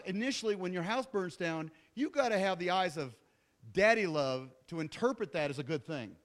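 A man's voice: on the high side, sing-song, brisk. A middle-aged man preaching a sermon, telling a story with jokey asides and acting out what people said. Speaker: pastor.

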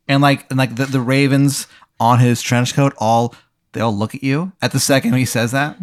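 A man running a comedic tabletop scene in a middle-pitched voice. He rambles, swears, and stumbles through filler words as he describes it. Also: steady tone. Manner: rambling, profane, halting with many fillers. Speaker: game master. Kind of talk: narrating a comedic tabletop role-play.

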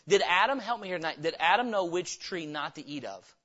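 In a church sanctuary, a pastor delivers a revival sermon in a high, ringing, sharp-toned voice, animated and fairly quick. He's emphatic and keeps turning his points into questions for the congregation. The recording sounds dull and lo-fi.

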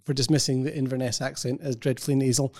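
A man hosting a podcast, chatting in a dry, wordy and gently mocking way. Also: medium pitch, level tone, fast. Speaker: podcast host. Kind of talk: casual chat.

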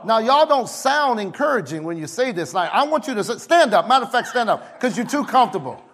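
A male pastor preaching a sermon in a church, energetically leading his congregation through call-and-response declarations and often shouting. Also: extremely high pitch, very animated, brisk. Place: church sanctuary with a live congregation.

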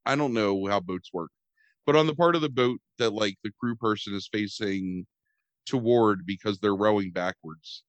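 Guy w a lowish voice riffing sarcastically on a movie, lots of ums and likes, dry close sound. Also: normal speed, no echo, lo-fi sound. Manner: rambling, sarcastic, swears, many fillers like "um" and "like". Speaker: podcast host reviewing a movie. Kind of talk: casual chat.

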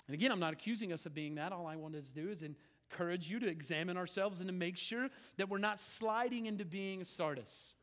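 A male pastor preaching in a conversational way, swinging from loud emphasis to hushed lines in a church sanctuary. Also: sits high, brisk, in a large hall. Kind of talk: sermon.

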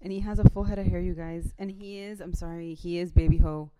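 A young woman, chatting in a relaxed, fond way. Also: lowish voice, a little fast, noisy background. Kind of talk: casual chat.

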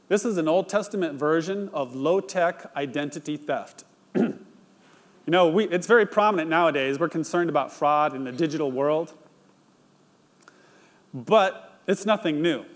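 A man's voice: fairly high pitch, moderate pace. A male pastor preaching, reading a scripture passage aloud and retelling it in plain storytelling before drawing the lesson. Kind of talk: sermon.

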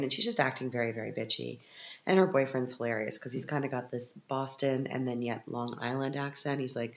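A podcast host rambles through a sarcastic recap of a TV film from a living room. The voice has a gravelly edge. The recording sounds slightly dull and roomy, like a home setup. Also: mid-range voice, fairly bright tone.

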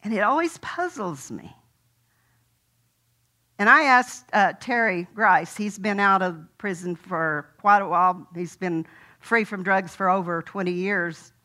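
A woman's voice: medium pitch, unhurried, sharp tone. An older woman preaching a sermon in a folksy, conversational way, telling a personal story.

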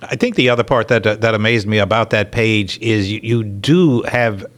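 A man's voice: on the low side, normal speed. A man hosting a radio talk show, enthusiastic and stumbling over his words. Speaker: radio host.

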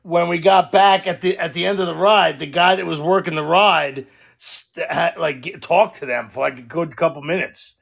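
A man's voice: fairly high pitch, moderate pace, creaky, fairly bright tone. A middle-aged man co-hosting a podcast, telling profane stories in a casual, laughing way. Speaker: podcast co-host. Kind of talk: casual comedic chat.

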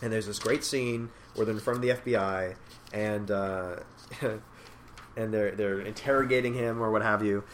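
A man's voice: on the low side, fairly even intonation, normal speed, a little hiss or hum. A man in a casual chat, enthusiastically talking about comics and reading bits of dialogue aloud.

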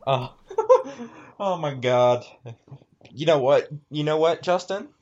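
Giggly casual reader, stumbling over words, very animated pitch, dull lo-fi recording. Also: takes it slowly. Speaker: reader of scary stories. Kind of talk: casual reading aloud with friends.

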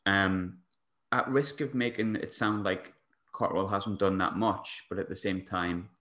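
A man hosting a podcast, asking questions in a relaxed, hedging way. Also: low voice, measured pace. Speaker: podcast host. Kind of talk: casual podcast interview. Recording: echoey room.

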